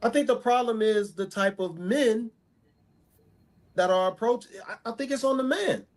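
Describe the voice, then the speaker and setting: A man's voice: very high-pitched, moderate pace. A man speaking as a talk show guest, stating firm, repetitive opinions about women in casual talk.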